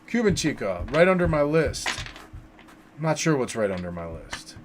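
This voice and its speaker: A man hosting a casual livestream tarot reading, reading viewers' names from the chat and giving relaxed advice, with many fillers and repeated words. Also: fairly high pitch, moderate pace, noisy background.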